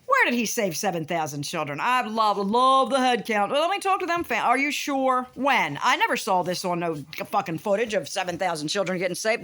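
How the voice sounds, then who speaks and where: A woman's voice: medium pitch, brisk, hardly any pauses. A middle-aged woman from the United States ranting casually to camera, swearing freely. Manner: animated, swearing, talks to her dogs in between. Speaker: vlogger.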